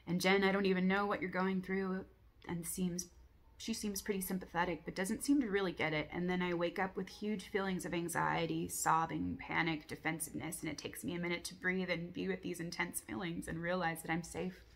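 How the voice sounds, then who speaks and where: A woman's voice: fairly low pitch, level tone, a little fast, gravelly. A woman recounting a dream from her journal, blunt and candid with frequent swearing, intense and reflective.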